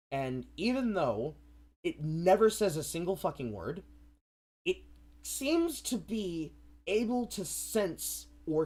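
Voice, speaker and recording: Animated man recapping a film. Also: a little high, breathy edge. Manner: animated, profane storytelling. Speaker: stream co-host.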